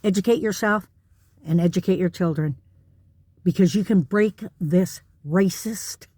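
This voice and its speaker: A woman's voice: lowish voice, mellow, no echo. A woman ranting to camera in an indignant, emphatic way, repeating words for stress. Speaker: vlogger. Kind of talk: direct-to-camera rant.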